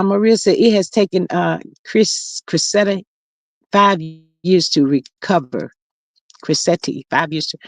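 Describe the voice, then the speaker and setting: Casual livestream host, reading viewer comments aloud. The talk is gossipy and full of drawn-out fillers and asides. The voice sits at a middle pitch and sounds close and dry, with no room echo. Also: dull audio. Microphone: streaming mic close up.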